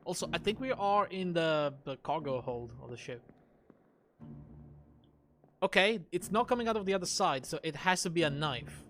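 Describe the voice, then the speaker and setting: A man's voice: fairly high pitch, lively intonation, normal speed, pauses often, fairly bright tone, a little hiss or hum. A man streaming a game, thinking aloud through clues with wry, self-mocking jokes. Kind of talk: casual live gameplay commentary.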